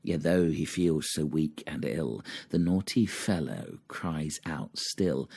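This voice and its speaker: A man reading old cautionary rhymes for children aloud. His voice sits deep and he takes the lines slowly. The recitation is dramatic and strongly rhythmic. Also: lively intonation, creaky, warm tone, dry recording. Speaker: reader.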